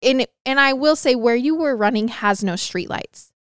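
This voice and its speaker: A young woman co-hosting a podcast, cutting in with quick, teasing remarks. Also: sits high, fairly bright tone, smooth, no echo, studio quality. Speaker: podcast co-host. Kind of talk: casual chat.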